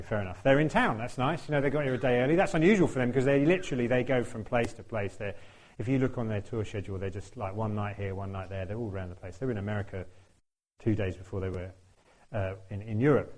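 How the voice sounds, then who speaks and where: A man's voice: fairly low pitch, a little mellow. Chatty man telling a story. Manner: chatty, self-deprecating, laughs often, acts out quotes. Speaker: church speaker. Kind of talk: anecdotal sermon storytelling.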